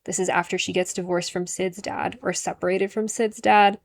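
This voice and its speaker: A woman's voice: fairly low pitch, little pitch movement, normal speed. A woman talking casually to the camera as a perfume vlogger, chatty and full of "like" and "um" fillers. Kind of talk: casual vlog monologue.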